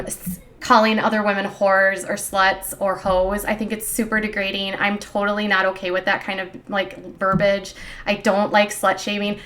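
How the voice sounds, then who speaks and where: A woman's voice: mid-range voice, a bit bright. A woman giving casual, sarcastic livestream commentary in a rambling, opinionated way with frequent fillers. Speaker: gossip commentary streamer.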